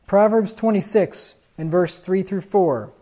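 A high-voiced male pastor delivers a fiery sermon, reading scripture and mocking his critics, yet his pace is unhurried and mellow. The recording sounds dull and lo-fi, like an old church tape.

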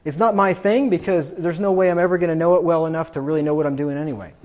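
A man preaching a combative, sarcastic sermon that builds to emphatic, drawn-out peaks. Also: a little high, a little mellow, muffled recording. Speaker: pastor.

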